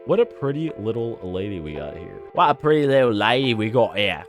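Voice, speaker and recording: A man's voice: lowish voice, very animated, fairly quick, over music. A man putting on a bad Australian accent to play an overexcited male wildlife presenter, drawling and hammy. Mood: hammy enthusiasm. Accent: Australian, exaggerated and poorly done.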